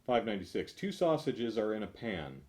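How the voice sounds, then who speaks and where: Man, lowish voice, reads joke after joke, swings his pitch wide, stretches the punchlines. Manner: animated, punchy joke delivery with drawn-out punchlines. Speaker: host reading jokes. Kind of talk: reading jokes aloud from a book.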